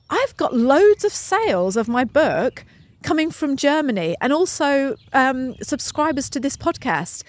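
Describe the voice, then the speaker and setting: A middle-aged woman chats on a podcast in an effusive, heartfelt way, her voice sitting fairly high. The sound is close and dry, with little room around it. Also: no echo. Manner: effusive, emotional storytelling. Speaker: podcast co-host. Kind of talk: casual podcast chat. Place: outdoors at home.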